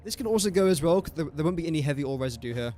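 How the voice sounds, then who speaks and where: A man's voice: on the high side, lively intonation, racing, warm tone, soft background music. A young English man casually thinking aloud while streaming a building game and chatting to viewers. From England. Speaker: gaming streamer. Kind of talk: casual live-stream commentary.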